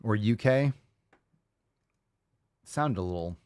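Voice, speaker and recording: A man's voice: lowish voice, animated, slow pace, a little mellow, no room sound. A man hosting a commentary show, ranting crudely and mocking his subject with sarcasm. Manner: crude, mocking, sarcastic rants with mock voices. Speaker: show host.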